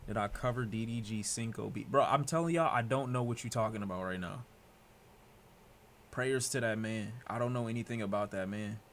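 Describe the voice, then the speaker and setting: A young man from Detroit streaming, talking to his chat in reaction commentary, excitable and profane, dropping to mutters and bursting out loud. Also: fairly low pitch, brisk, slight background noise. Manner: excitable, swearing, jumps from mutters to loud outbursts.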